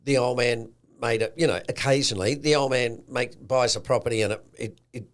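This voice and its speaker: Australian man, podcast host, lively and slangy, mid-pitched voice. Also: fairly quick. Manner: animated, acts out quotes with a slangy tone. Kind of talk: casual chat.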